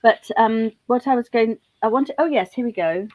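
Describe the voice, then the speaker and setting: A woman's voice: a little high, moderate pace, dry recording, dull audio. A woman hosting a live online maths lesson, chatting with her guest and thinking aloud.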